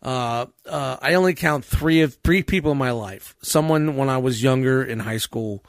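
A man's voice: mid-range voice, normal speed, dry recording, studio quality. A man telling a story in a casual podcast chat, swearing freely and often breaking into laughter. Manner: profane, animated, laughs often mid-story.

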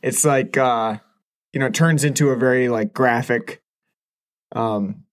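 This podcast co-host, a man with a mid-range voice, talks a little slowly while reviewing a film. The chat is casual, and he rambles, often restarting and filling gaps with filler words.

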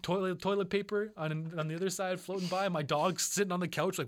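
A man's voice: sits high, fairly even intonation, brisk, dry recording, clean studio sound. A young man co-hosting a podcast, telling a rambling, profanity-laced story in a casual chat. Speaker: podcast co-host.

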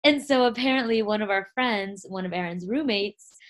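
A young woman in casual conversation, telling stories in a lively way with lots of "like.". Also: mid-range voice, moderate pace. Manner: lively, laughing storyteller with lots of "like". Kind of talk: casual chat.

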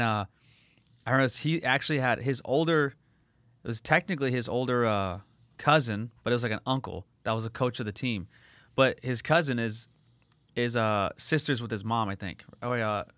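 Male host, rapid and rambling, casual and profane, dry sound. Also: medium pitch, fairly bright tone, dry recording. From Los Angeles. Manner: fast, rambling, swears a lot, acts out voices for laughs. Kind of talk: casual chat.

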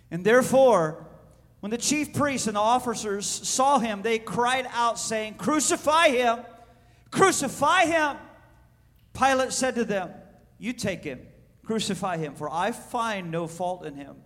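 In a large hall, a man with a high-sitting voice preaches a sermon and reads scripture aloud. He swings between shouted proclamation and hushed, slow reading.

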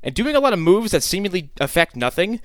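A man with a smooth, clear voice sarcastically picks apart a film's scenes, sounding exasperated. The recording is dry and close-miked. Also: high-pitched, very animated, fast, dry recording. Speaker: podcast co-host. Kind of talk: casual movie-recap chat.

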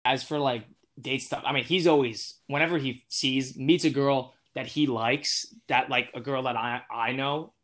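Chatty eighteen-year-old man, bright voice. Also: medium pitch, fairly even intonation, moderate pace, faint music behind. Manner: rambling, many fillers and restarts. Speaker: podcast guest. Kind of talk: casual chat.

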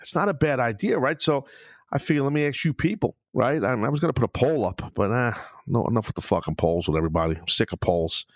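A man's voice: mid-range voice, expressive, fast, no echo, studio quality. A man, hosting a podcast in a rambling, profane monologue. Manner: profane, rambling, with frequent restarts; puts on mocking voices of fans. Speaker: podcast host. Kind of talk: casual monologue.

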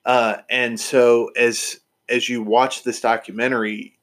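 A man's voice: medium pitch, little pitch movement, measured pace, a bit bright. A man hosting a podcast, chatting casually and enthusiastically with lots of fillers and restarts. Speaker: podcast host.

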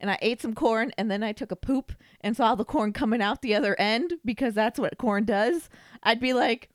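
A woman's voice: fairly high pitch, moderate pace, no room sound, studio quality. A woman co-hosting a casual podcast, playful and goofy, laughing a lot. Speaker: podcast co-host. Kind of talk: casual chat.

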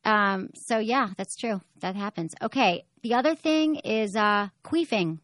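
A woman's voice: medium pitch, a little slow, a bit bright, no echo, studio quality. A woman hosting a sex-advice talk show, talking frankly and chattily and acting out little voices as she goes. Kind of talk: casual radio-style chat.

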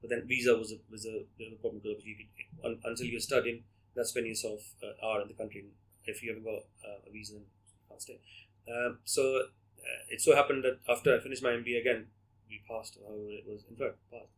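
A man's voice: fairly low pitch, level tone, quick pace, slightly rough, poor audio. A middle-aged man from India, a guest on an interview, telling stories casually with many hesitations and restarts. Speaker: guest, media company director.

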